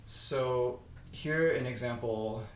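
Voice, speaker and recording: A man's voice: medium pitch, slow pace, slight background noise. Thoughtful man explaining Greek, roomy sound. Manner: thoughtful, hesitant, restarts mid-sentence. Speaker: Greek teacher. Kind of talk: explanatory podcast conversation.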